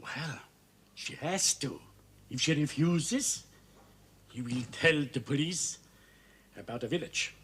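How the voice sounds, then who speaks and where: A man's voice: fairly high pitch, takes it slowly, pauses often, a bit bright, breathy edge, exaggerated voice. An actor playing a worried Swiss village cafe owner and father with a Swiss accent, earnest and pleading in a 1970s TV crime drama. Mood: anxious. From Switzerland.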